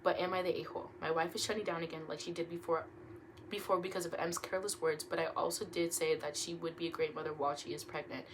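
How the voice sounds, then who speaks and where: A woman's voice: deep voice, fast, noisy background. A young woman, reading online stories aloud at home in a casual way and breaking off to react with laughs and jokes. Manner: animated, laughing asides, trips over words. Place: room at home.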